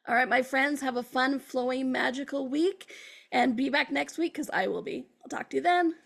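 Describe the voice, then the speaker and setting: Husky, gravelly woman giving motivational talk. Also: sits high, moderate pace. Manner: upbeat, encouraging, addresses listeners directly. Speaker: host. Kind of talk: motivational self-help talk.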